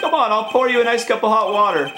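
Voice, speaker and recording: Brief: man playing a high, brash, whiny lovesick young man over loud game music. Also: fast, natural voice. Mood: boastful.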